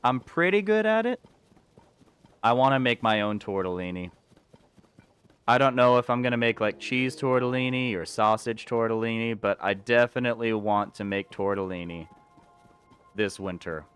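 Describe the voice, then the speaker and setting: Guy streaming a game, rambly and chatty, smooth clear voice, gets excited a lot. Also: medium pitch, moderate pace. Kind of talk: casual gameplay commentary.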